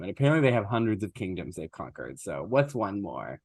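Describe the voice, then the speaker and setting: A man's voice: fairly low pitch, big pitch swings, a little fast, few pauses, darkish tone, no room sound, studio quality. A man co-hosting a podcast, retelling an old story in a casual, chatty way with plenty of fillers and asides. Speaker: podcast co-host.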